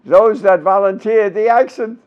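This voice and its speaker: A man's voice: high voice, normal speed, clean tone. A man in his nineties from Brooklyn, telling showbiz anecdotes with punchlines in a casual interview. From Brooklyn, New York. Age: 90s. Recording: dull lo-fi recording.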